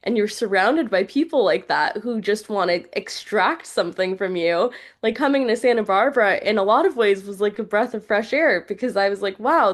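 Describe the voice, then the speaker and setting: Chatty young woman on a podcast. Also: medium pitch. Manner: chatty, heartfelt, many fillers like "like". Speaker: journalist and news reporter guest. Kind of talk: casual podcast conversation.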